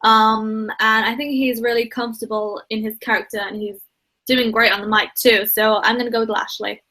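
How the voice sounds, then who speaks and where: Woman, podcast guest on a video call, easygoing, with a bright tone. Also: on the high side, level tone, normal speed, low-quality recording. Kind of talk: casual chat over video call.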